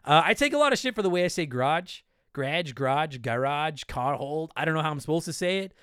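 A man's voice: on the high side, big pitch swings, racing, a bit bright, clean tone, no echo, clean studio sound. A man in his thirties from Canada hosting a casual solo podcast, answering listener questions in a blunt, profane, joking way.

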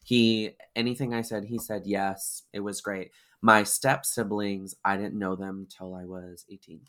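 A man's voice: on the low side, little pitch movement, unhurried, fairly bright tone. A man from Washington State, a drag performer chatting as a podcast guest, rambling and giggly. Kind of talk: casual chat.

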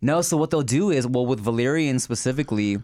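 A man in casual podcast chat, laid-back and slangy, laughing often and breaking into excited bursts. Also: mid-range voice, quick pace, no room sound. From Thai family.

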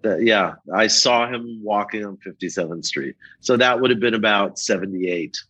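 Older man, lively dry-voiced storyteller. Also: on the low side, normal speed, dry recording, low-quality recording. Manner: animated, acts out the people in his stories. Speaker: rock photographer. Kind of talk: casual storytelling interview.

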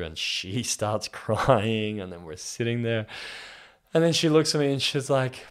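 Low, gravelly man, heartfelt. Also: measured pace. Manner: candid, heartfelt, with soft laughs. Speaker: storyteller. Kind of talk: personal storytelling.

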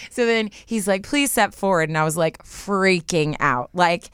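Woman, 30s, podcast co-host, casual chat, excitable, giggly, smooth clear voice, dry close sound. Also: on the low side, no echo. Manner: excitable storyteller, giggly, quick bursts.

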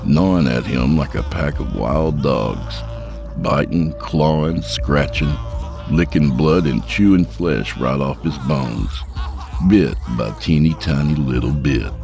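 Very deep, gravelly male horror narrator. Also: over music. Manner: measured, dark storytelling. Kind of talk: scripted narration.

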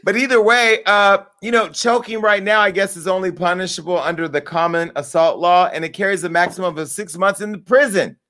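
Brash high-voiced man ranting comically. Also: brisk, hardly any pauses. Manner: brash, animated, swings between loud outbursts and low mutters. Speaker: comedy commentary host. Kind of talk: crude comedic rant.

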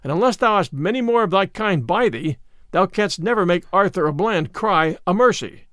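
A man's voice: high voice, expressive, normal speed, a bit bright, no room sound, studio quality. A man doing a defiant stubborn tanner. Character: bold, stubborn male tanner.

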